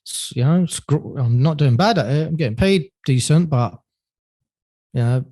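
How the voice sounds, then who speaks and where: A man as a podcast guest, telling his story in a relaxed way with many fillers and self-corrections. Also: fairly high pitch, normal speed, husky, dry recording. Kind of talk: casual storytelling interview.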